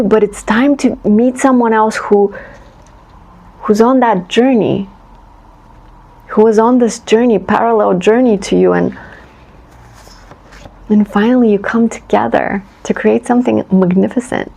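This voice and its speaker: A woman giving a collective tarot reading, talking in an effusive, rambling way. She laughs often and acts out reactions in a high voice. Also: a little slow, vocal fry, pauses often, dark tone, rough recording. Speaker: tarot reader.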